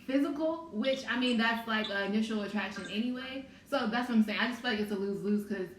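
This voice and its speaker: A woman's voice: on the high side, fast, a little hiss or hum. Blunt opinionated woman, kinda far off the mic, echoey room. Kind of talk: casual chat.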